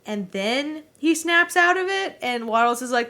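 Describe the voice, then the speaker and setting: Laughing, animated woman book-club host. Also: sits high, measured pace. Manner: laughs often, acts out characters' lines with profanity. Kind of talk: casual chat.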